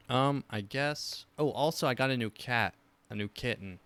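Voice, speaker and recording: A man's voice: medium pitch, unhurried, fairly bright tone. A young man hosting a casual chat show, rambling with lots of fillers and restarts. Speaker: podcast host.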